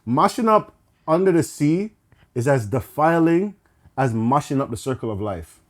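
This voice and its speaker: A man's voice: on the high side, expressive, normal speed. A man co-hosting a podcast in casual chat, emphatic and repeating his points. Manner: emphatic, pleading, repeats himself. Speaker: podcast co-host.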